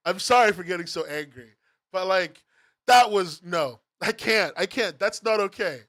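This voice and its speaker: Bright-voiced man ranting with profanity. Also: high-pitched, moderate pace. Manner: profane, exasperated, laughing through rants. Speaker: webcomic reviewer. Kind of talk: ranting commentary.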